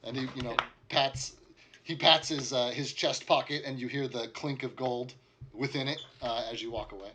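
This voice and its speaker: A man running a tabletop game as game master, narrating casually with plenty of fillers. His voice is bright and clear, with faint noise in the background. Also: medium pitch, steady tone, normal speed.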